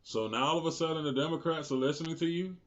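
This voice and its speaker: A man's voice: on the high side, fast, a bit bright, lo-fi sound. A man in his forties hosting his own political commentary show, talking unscripted, heated and profane, often rising into indignant outbursts. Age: 40s.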